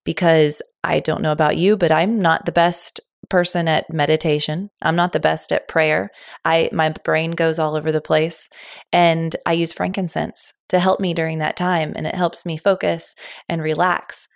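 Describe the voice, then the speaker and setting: Eager woman host with a gravelly voice. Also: deep voice, little pitch movement, moderate pace, no room sound, clean studio sound. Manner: eager, smiling, self-described oil nerd. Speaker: podcast host. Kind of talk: enthusiastic interview chat.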